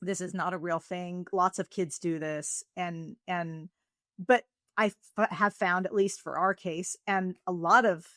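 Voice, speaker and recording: A woman's voice: on the low side, no room sound, studio quality. A woman hosting a podcast interview, speaking in a thoughtful, reflective way with long, winding sentences. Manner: thoughtful, reflective, rambling phrasing. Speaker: podcast host. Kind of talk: interview conversation.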